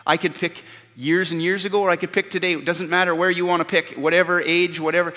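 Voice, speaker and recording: Male pastor, earnest sermon, fairly high voice, long hall reverb. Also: little pitch movement, fast, sharp tone. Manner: earnest, repeats words when stressing a point.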